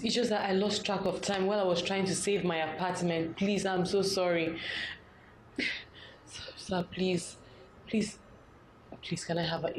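A woman's voice: fairly low pitch, close to an everyday voice. An actress playing a young female new bank employee who apologizes and begs her boss for help. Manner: apologetic, pleading, deferential. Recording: echoey room with steady background noise.

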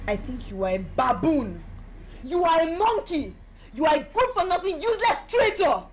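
A woman's voice: on the high side, expressive, normal speed, lightly acted. A woman playing an angry young woman who bluntly insults and threatens a former suitor in a comedy skit. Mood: furious. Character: furious young woman, Susan, scorned and insulting.

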